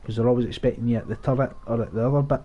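A man giving live, profane, rambling commentary over his own gameplay, breaking into excited outbursts. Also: medium pitch, rapid-fire, slightly rough. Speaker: gaming channel host.

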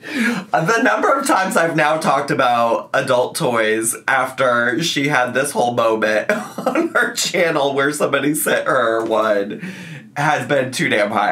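A man's voice: on the high side, pushed and bright. A man hosting a reaction commentary, teasing and sarcastic, often laughing at what he watches. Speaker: commentary host.

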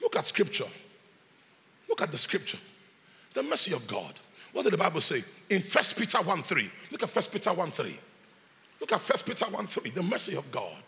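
Male preacher, high lively voice, bright and forceful, reverberant church hall. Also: normal speed, gravelly, long pauses. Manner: animated preaching, swings from shouting to hushed. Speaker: pastor. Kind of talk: sermon.

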